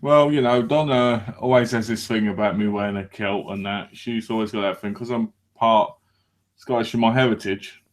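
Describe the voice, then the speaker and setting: A man's voice: fairly low pitch, steady tone, normal speed. A man from England hosting a casual podcast, chatting in a joking, rambling way with restarts and some swearing. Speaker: podcast host. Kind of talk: casual banter.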